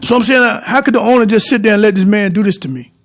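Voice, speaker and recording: A man with a very high voice tells his viewers a personal story. He rambles, doubles back on his phrases and speaks to the audience directly. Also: quick pace, fairly bright tone.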